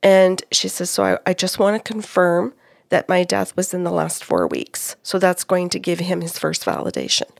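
A woman's voice: lowish voice, moderate pace, gravelly, no echo, studio quality. A middle-aged woman co-hosting a talk show, animatedly telling the story of a reading and quoting the people in it. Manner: animated, quotes spirits and clients, laughs often. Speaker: psychic medium, co-host.

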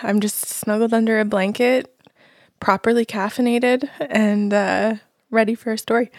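A woman's voice: fairly high pitch, fairly even intonation, moderate pace, a little mellow, no echo, clean studio sound. A woman co-hosting a podcast, chatting casually in a playful, teasing way and laughing often. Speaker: podcast co-host. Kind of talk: casual chat.

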